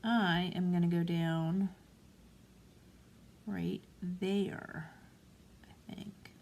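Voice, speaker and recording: A woman in her forties talking through a craft tutorial at home in a gentle, calm, chatty way. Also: on the low side, very slow, gravelly, a little hiss or hum. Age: 40s. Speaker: craft vlogger.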